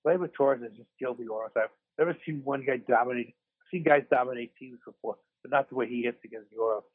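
A man's voice: mid-range voice, fast, husky. A man co-hosting a sports podcast from a hospital room after surgery, rambling and self-deprecating with lots of restarts. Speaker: podcast co-host. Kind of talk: casual sports podcast chat. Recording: tinny phone line.

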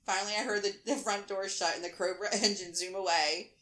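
Woman in her 30s reading a silly story, bright voice, keeps laughing, echoey room. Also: mid-range voice, a little fast. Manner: animated, laughing through the reading. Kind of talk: reading a funny story aloud. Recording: roomy echo.

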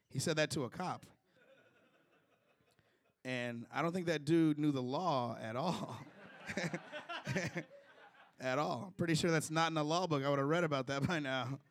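A man's voice: fairly high pitch, unhurried, pauses often, no echo. A young man from Chicago doing a loose, chatty stand-up set with crowd work, chuckling through his own jokes. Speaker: stand-up comedian.

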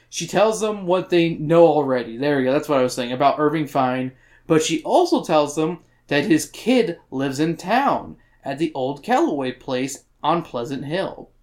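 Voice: medium pitch, a little mellow. Joking, crude book club podcast host. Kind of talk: casual book club chat, reading chapter summaries.

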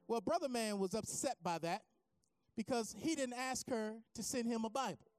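A preacher giving a sermon, telling a story and building from calm teaching to shouted, sing-song preaching. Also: mid-range voice, moderate pace, dry recording, soft background music.

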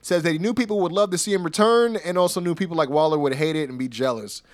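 A man's voice: on the high side, quick pace, no room sound. A man hosting a podcast, animatedly recapping events in a casual, slangy way and laughing often. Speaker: podcast host. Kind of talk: casual wrestling recap chat.

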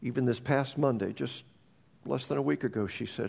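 A man's voice: mid-range voice, brisk, gravelly, darkish tone, breathy edge. A man preaching a sermon as pastor, telling stories earnestly and often restarting his sentences. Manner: earnest storytelling with frequent restarts. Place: church sanctuary. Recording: long reverb of a church hall.

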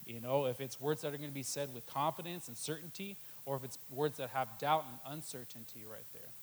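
A man's voice: medium pitch, brisk, a little hiss or hum, rough recording. A man giving a sermon in a loose, conversational way, with many "um"s and a habit of saying "right there.". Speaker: preacher.

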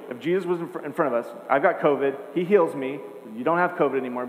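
A man's voice: mid-range voice, brisk. A man preaching a sermon, earnest and emphatic, building points with repeated phrases. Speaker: pastor. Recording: echoey hall, faint hum.

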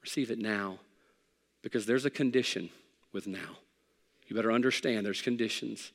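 A middle-aged male pastor preaching a sermon, conversational and emphatic, shifting from loud peaks to soft pleading. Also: on the low side, fairly even intonation, normal speed, big-room sound. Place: church sanctuary.

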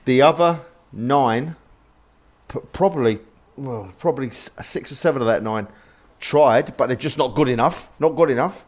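Bloke on a podcast, swears a lot, gets worked up ranting. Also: male voice, medium pitch, normal speed. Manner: blunt, swears, builds up angry rants. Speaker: podcast co-host. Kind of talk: heated casual chat.

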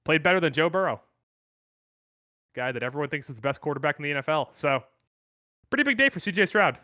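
Bright, forward male co-host, quick teasing banter, dry recording. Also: fairly high pitch, lively intonation, dry recording. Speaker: podcast co-host. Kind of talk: casual sports chat.

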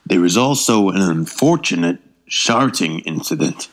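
Guy doing a low-voiced shady bootleg seller, streetwise hustle. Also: lively intonation, measured pace. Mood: hustling. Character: shady bootleg dealer in a comedy skit.

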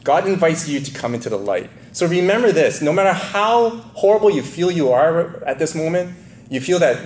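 A man's voice: a little high, big pitch swings, moderate pace, a little mellow, a little hiss or hum. A man preaching a casual, conversational sermon, chuckling often and asking his listeners "right?". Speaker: pastor. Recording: echoey room, faint ambience.

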